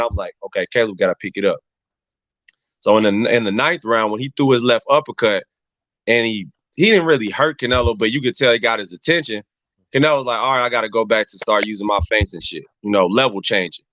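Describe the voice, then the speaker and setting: A man's voice: medium pitch, a bit bright, no room sound. A man in casual barbershop chat, breaking down a fight emphatically, repeating his points and talking to everyone as y'all. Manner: emphatic, repeats phrases, addresses the crowd as y'all. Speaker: barbershop regular giving boxing analysis. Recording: dull, slightly muffled, dry sound.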